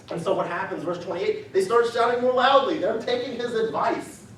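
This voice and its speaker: Animated preacher in an echoey church. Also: male voice, sits high, normal speed, few pauses, slight background noise. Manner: animated, acts out the story with raised voice for quotes. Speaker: pastor. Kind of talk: sermon. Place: church sanctuary. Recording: echoey church sanctuary, mic at a distance.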